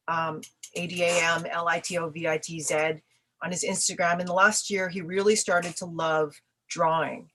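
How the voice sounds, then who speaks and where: A middle-aged woman from Canada talks through her memories in a relaxed interview. She tells stories with energy, slipping into little acted-out voices for the people she quotes. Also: fairly low pitch. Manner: animated storyteller, acts out quoted voices. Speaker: musician guest. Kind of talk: casual interview answers.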